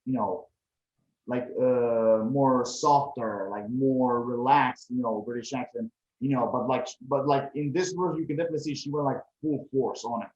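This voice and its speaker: A man's voice: medium pitch, steady tone, normal speed, a little mellow. A man from Croatia co-hosting a podcast, chatting casually about a movie and rambling with many fillers. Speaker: podcast co-host. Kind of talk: casual movie review chat. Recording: echoey room, dull lo-fi sound.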